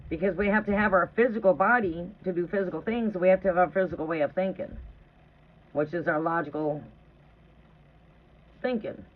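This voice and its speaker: This woman's fairly low voice moves fairly quickly but pauses often as she hosts a tarot live stream from her trailer home. She chats casually, tells meandering, profane stories, and often asks "right?". The recording sounds tinny and phone-like, with faint noise.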